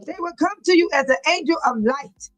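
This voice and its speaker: A woman's voice: sits high, a little fast, soft background music, rough recording. A woman hosting a casual livestream, talking emphatically and preachily, repeating herself and laughing often as she reads viewer chat.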